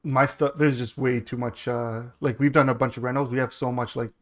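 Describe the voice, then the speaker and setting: A man on a podcast, telling a story in a casual chat with animated, profanity-heavy delivery. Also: mid-range voice, a little fast. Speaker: podcast host.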